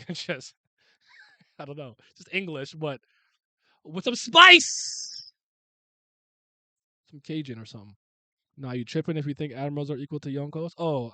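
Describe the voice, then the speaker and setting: A young man from Canada chatting casually on a live stream, answering comments in an animated way and swearing freely. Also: medium pitch, dry recording. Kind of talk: casual live reaction chat.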